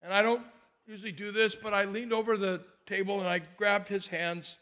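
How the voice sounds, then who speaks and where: In a sermon, a male pastor narrates a story at normal speed, his high-pitched voice otherwise flat in delivery. He drops in conversational asides and moves back and forth between loud, fervent passages and quiet ones.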